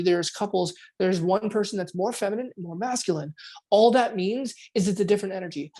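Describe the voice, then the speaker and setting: This man's voice sits high as he talks on a podcast late at night from his home. A performance coach, he stays fairly quiet and casual, voicing imagined inner thoughts in quotes and cursing occasionally.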